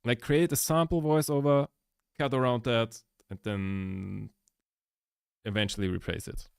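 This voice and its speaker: A man's voice: mid-range voice, fairly even intonation, measured pace, gravelly, clean tone, no room sound, clean studio sound. A man chatting casually while editing a video, rambling, swearing a lot and laughing often, recorded indoors at home. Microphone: laptop microphone.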